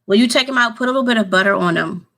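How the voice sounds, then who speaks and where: A woman's voice: fairly high pitch, rapid-fire, sharp tone, rough recording. A woman vlogging casually to her subscribers, rambling and hesitant, often repeating herself. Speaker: YouTube vlogger.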